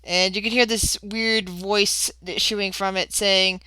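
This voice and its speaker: A woman runs a tabletop game as its game master, her voice bright and crisp. She narrates in a halting way, stopping and restarting often. The sound is dry and close. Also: medium pitch, steady tone, no room sound. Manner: halting, with many fillers and restarts.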